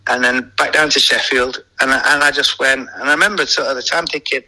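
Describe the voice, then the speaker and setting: A man, spinning stories as a podcast guest. His voice is sharply bright and cutting. He talks at a medium pitch and often breaks into laughter. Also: fairly quick, low-quality recording. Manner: lively anecdotal storyteller, laughing often. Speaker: former footballer, podcast guest. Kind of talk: casual storytelling interview.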